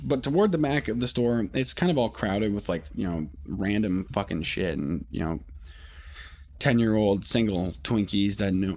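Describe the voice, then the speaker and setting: A man's voice: on the low side, a little mellow. A man hosting a podcast, telling a rambling, profane story in casual monologue with many restarts. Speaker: podcast host.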